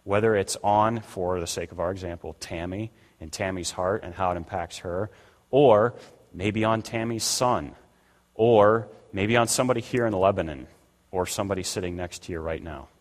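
An older male pastor delivers a conversational sermon at a moderate pace in a low voice, acting out the voices of people he quotes. He's in a church sanctuary, and the recording carries the long reverb of a church hall.

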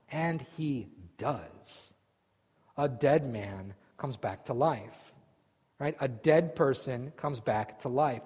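A man preaching a sermon as pastor, telling the story vividly and swinging from loud outbursts to hushed asides. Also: medium pitch. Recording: long hall reverb.

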